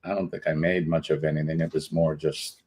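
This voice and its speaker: A man's voice: extremely low pitch, flat delivery, a little fast, darkish tone, breathy edge, poor audio. A man hosting a casual live stream, greeting viewers one by one in a rambling, chatty way. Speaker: livestream host.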